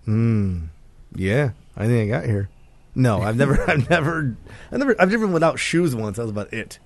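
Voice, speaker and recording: A man's voice: mid-range voice, lively intonation, no echo. A man co-hosting a podcast in casual chat, joking and laughing a lot. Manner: loud, joking, quick to laugh. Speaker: podcast co-host.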